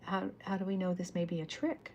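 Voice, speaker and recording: A woman's voice: lowish voice, flat delivery, a little fast, darkish tone, slight background noise, natural voice. A woman reading the lines of a suspicious female space agent from a comic, pressing with doubtful questions. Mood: wary.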